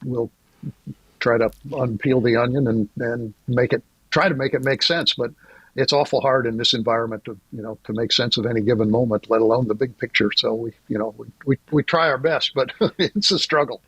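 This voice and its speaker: Male journalist guest, mid-pitched, measured and thoughtful, heard on dull, dry audio. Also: a bit bright, husky, dry recording. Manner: measured, thoughtful, with frequent fillers. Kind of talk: casual interview talk.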